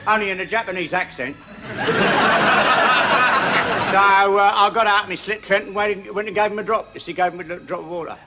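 An actor playing a boastful, nosy busybody in a TV sketch comedy. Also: male voice, high-pitched, fairly even intonation, brisk, pauses often, lightly acted. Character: cocky working-class male busybody, self-praising.

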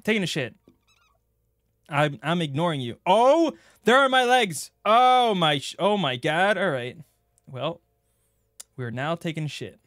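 Excitable young gaming streamer guy. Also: a little high, a little slow, pauses often, no echo, studio quality. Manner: excitable, joking, crude, bursts into loud yelps. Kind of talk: gaming playthrough commentary.

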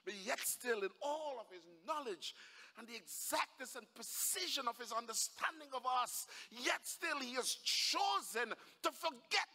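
A man preaching a fervent sermon as pastor, building to shouts, recorded in a church. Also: very high-pitched, expressive, moderate pace. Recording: echoey church hall.

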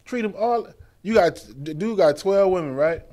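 A man's voice: high voice, moderate pace. Playful, chatty man. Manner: animated, teasing, playful. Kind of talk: casual relationship chat.

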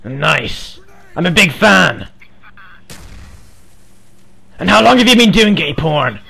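A man's voice: fairly high pitch, sing-song, unhurried, vocal fry, pushed and bright, husky. A man trolling other players over game voice chat in a mock-earnest, playfully provocative way.

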